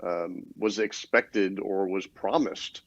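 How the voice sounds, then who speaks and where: Low-voiced man on a dull dry line. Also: slow, no echo. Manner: steady, explanatory, many restarts. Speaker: podcast co-host. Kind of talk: casual business talk.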